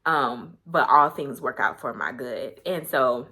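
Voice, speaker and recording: A young woman with a low-pitched yet bright, forceful voice shares a personal story straight to camera. She talks candidly and casually, with plenty of "like" and "um", and the retelling stays full of feeling. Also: animated, slow pace, breathy edge. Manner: candid, conversational, filler-heavy, emotional retelling. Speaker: vlogger.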